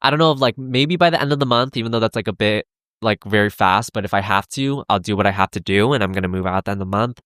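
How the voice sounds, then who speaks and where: A young adult man hosting a solo podcast, talking earnestly in a halting way with many restarts and fillers. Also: on the low side, a bit bright, dry recording, clean studio sound. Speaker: podcast host. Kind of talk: solo confessional podcast talk.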